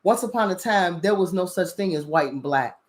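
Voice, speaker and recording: Host, woman, lowish voice, blunt and profane spiritual commentary, keeps asking "you understand?". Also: lively intonation, moderate pace. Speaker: spiritual talk show host.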